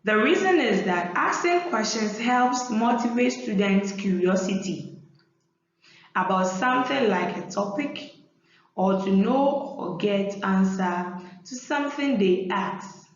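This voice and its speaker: A woman teacher giving a lesson to young pupils, repeating each point slowly and clearly. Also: medium pitch, expressive. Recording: very echoey room, dull lo-fi sound.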